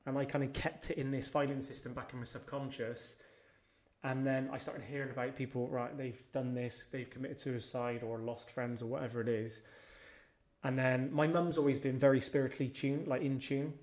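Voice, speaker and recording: A man's voice: mid-range voice, steady tone, moderate pace, a little mellow. A man, a podcast guest telling personal stories in a casual chat, blunt and swearing freely.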